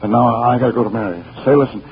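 A man's voice: mid-range voice, racing, a little hiss or hum, close to an everyday voice. An actor playing a slangy, tough-talking man just out of jail who is tender with his sweetheart, in 1930s radio drama acting. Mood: eager. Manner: slangy, plain tough-guy talk. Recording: dull lo-fi old radio recording.

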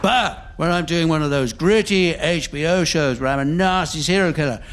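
A whimsical, playful comic, played by a man, who rambles about silly things in a high-pitched voice. He slips into squeaky, silly voices and playful growls. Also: moderate pace, a bit bright, natural voice.

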